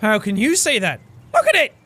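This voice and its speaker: A man voicing an anxious, dramatic young woman stranded in a car as he reads game dialogue aloud, in a high, swooping, overwrought tone. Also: big pitch swings, unhurried, a bit bright, full character voice.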